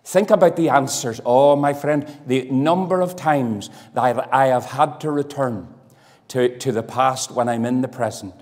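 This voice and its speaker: A man from Northern Ireland preaching a sermon in a church hall, impassioned, swinging from loud declarations to hushed, quiet lines. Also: medium pitch, unhurried.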